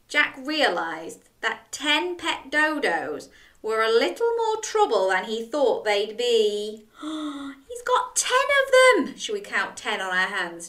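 Woman storyteller for children: animated, unhurried, bright; roomy distant recording. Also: mid-range voice. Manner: animated, gasping, invites children to join in.

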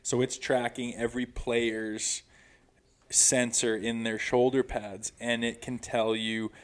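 A man's voice: mid-range voice, level tone, slow pace. Middle-aged man swapping profane hockey stories. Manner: loose, profane, rambling anecdotes. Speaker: podcast guest, former pro hockey player. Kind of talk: casual storytelling chat.

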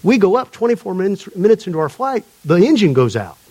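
A man's voice: high-pitched, big pitch swings, quick pace. A man playing a chatty, earnest Southern man from Atlanta in a sermon anecdote, with an imitated Atlanta accent. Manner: loud, earnest storyteller. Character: chatty Southern man from Atlanta telling his faith story.

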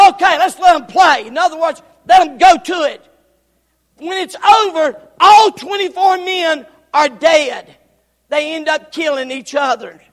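A man preaching a Sunday sermon, calling for amens and breaking into shouts as he retells the story. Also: extremely high pitch, in a large hall. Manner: call-and-response, bursts into shouting. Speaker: pastor. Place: church.

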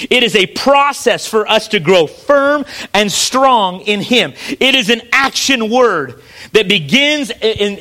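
A male pastor with a very high, bright, forceful voice delivers an earnest sermon. He leans on repetition and restarts phrases as he presses his point.

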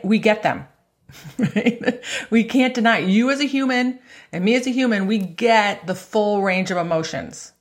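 A golf mental coach talks golfers through their emotions in a chatty, conversational motivational style, often ending points with "right?" and laughing easily. She acts out inner voices in quotes, speaking at a mid-range pitch and moderate pace.

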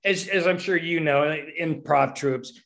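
A man's voice: a little high, a little slow, creaky, fairly bright tone. A comedy writer and stand-up comic answering interview questions in a long-winded, rambling way, often restarting his sentences.

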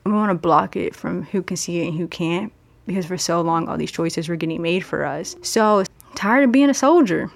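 A woman hosting a solo podcast, talking candidly in a casual conversational way, speeding up and slowing down for emphasis. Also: lowish voice, vocal fry. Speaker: podcast host.

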